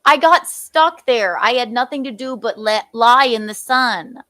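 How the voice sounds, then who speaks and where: A woman's voice: a little high, unhurried, sharp tone. A woman co-hosting a podcast, chatting casually with swearing and asides. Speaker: podcast co-host.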